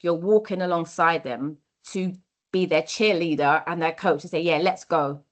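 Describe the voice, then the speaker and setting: A woman's voice: on the low side, moderate pace. A young adult woman giving a workshop talk, earnest and encouraging, repeating her key phrases. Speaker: workshop speaker on mentoring.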